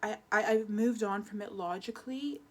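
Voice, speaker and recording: A woman's voice: mid-range voice, normal speed. A woman in her twenties speaks in a personal confessional vlog. She rambles and restarts her sentences often. Her delivery is emotional throughout. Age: 20s. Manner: rambling, self-correcting, emotional. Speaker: vlogger.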